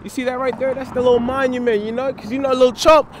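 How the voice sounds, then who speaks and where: A man's voice: very high-pitched, level tone, fast, noisy background. A man playing a cocky, boastful young rapper who keeps chanting his own name, in a comedy mockumentary. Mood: promoting.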